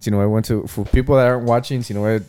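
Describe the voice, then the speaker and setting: A man's voice: on the low side, quick pace, clean tone. A man hosting a casual podcast, chatting with friends and slipping into Spanish slang. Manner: animated, mixes Spanish slang into English. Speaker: podcast host. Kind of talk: casual group chat.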